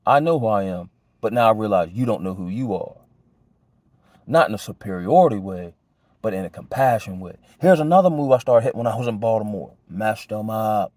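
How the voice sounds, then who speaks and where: A vlogger with a lowish, slightly mellow voice gives life advice in a brisk, animated, casual monologue with no echo. He's laid-back and heavy on slang, yet reflective and earnest, often checking in with "you know what I'm saying".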